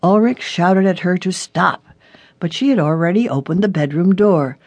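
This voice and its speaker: An audiobook narrator reading a suspense story in a steady, even way. The voice sits at a middle pitch and is recorded close and dry, with no room sound. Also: moderate pace, no room sound. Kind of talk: scripted narration.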